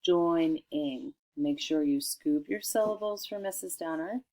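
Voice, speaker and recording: Sounding out words one by one, slowly and clearly, a middle-aged teacher dictates a spelling lesson recorded for children. She speaks on the low side with a mellow quality.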